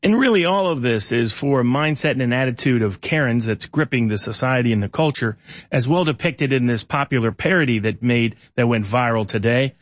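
Male host, middle pitch, steady plain delivery. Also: a little fast, dry recording. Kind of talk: news commentary and ad read.

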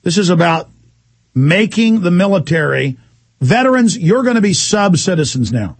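Husky, heated radio host ranting. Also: male voice, high voice, very animated, no room sound. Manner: fast, heated, indignant ranting with mocking put-on quotes. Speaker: radio talk show host. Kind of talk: call-in radio talk.

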